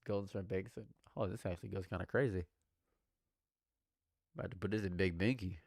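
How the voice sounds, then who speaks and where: A young man doing live reaction commentary, jumping between loud exclamations and low repeated mutters while bantering with his chat. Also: fairly even intonation, fairly quick, vocal fry, no echo, clean studio sound. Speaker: livestream commentator.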